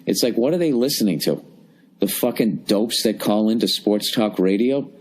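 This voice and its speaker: A man's voice: on the low side, normal speed, a little mellow, husky. A man in his forties ranting and grumbling through a profane solo comedy podcast from a hotel room. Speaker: podcast host.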